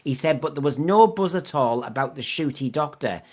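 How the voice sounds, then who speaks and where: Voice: mid-range voice, animated, moderate pace, darkish tone. Podcast host, rambly, lots of ums, mid voice. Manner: rambling, chatty, filler-heavy. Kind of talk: casual news chat.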